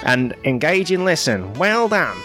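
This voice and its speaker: A man's voice: on the high side, sing-song, unhurried, music in the background, voice pushed up. A man putting on an Australian male reviewer as he reads out a review, in a raised, sing-song voice. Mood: mock Aussie.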